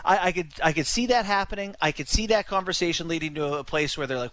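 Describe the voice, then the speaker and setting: A man's voice: a little high, fast, fairly bright tone, no room sound. A man with a Canadian accent co-hosting a sports radio show, musing aloud and posing rhetorical questions. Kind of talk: casual sports talk.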